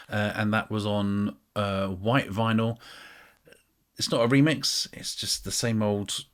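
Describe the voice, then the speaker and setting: A British man chatting casually to camera as a music vlogger, rambling and self-mocking, with many ums. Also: mid-range voice.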